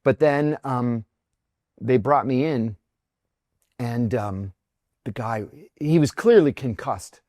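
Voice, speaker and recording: A man's voice: medium pitch, slow, pauses often, darkish tone, no echo, clean studio sound. A middle-aged man, a former intelligence officer, telling a personal story in a podcast interview, acting out the voices of the people in it.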